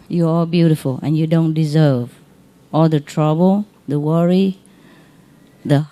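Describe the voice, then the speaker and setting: Warm, low-voiced woman teaching gently. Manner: gentle, consoling, chuckles often, non-native English. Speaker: spiritual teacher. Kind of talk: informal spiritual talk to followers.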